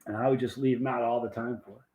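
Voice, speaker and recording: A man's voice: medium pitch, steady tone, fast, muffled recording. A man hosting a livestream, rambling in a folksy, casual way and reading out viewer comments. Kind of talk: casual chat.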